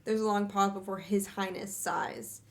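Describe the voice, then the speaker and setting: A woman's voice: mid-range voice, steady tone, moderate pace. A young woman streamer reading a fantasy novel aloud in first person, with casual asides and curses between passages. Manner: reads in first person, breaks off to laugh and curse. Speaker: streamer hosting a book club reading.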